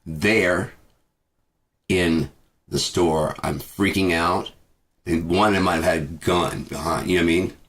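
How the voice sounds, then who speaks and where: A man's voice: deep voice, fairly even intonation, a little slow, pauses often, a bit bright. A man delivering a bitter, profane rant as a vlogger, repeating himself as he talks. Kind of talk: profane ranting monologue.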